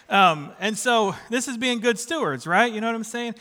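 Chatty high-voiced preacher in reverberant church. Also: male voice, brisk, few pauses, bright, forceful tone. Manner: chatty, self-deprecating, keeps asking the congregation questions. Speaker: pastor. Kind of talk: sermon with personal stories. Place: church sanctuary.

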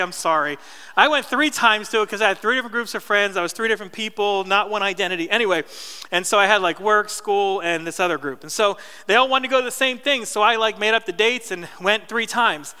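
Bright, crisp-voiced preacher man in a reverberant hall. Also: sits high, quick pace. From New Jersey. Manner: conversational storytelling with asides to the congregation. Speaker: pastor. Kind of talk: sermon. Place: church hall.

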